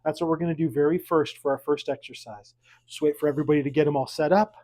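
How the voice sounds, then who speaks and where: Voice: medium pitch, fairly even intonation, quick pace, darkish tone. A fitness instructor leading a seated exercise class at home, counting reps aloud and coaching with light jokes. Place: at home with pets around.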